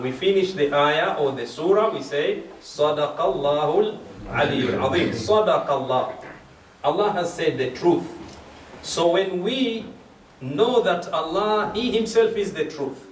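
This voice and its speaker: At a majlis held in a mosque or community hall, a man with a high voice gives a religious talk, going through verses stepwise and repeating important phrases. The distant mic picks up an echoey hall and slight background noise.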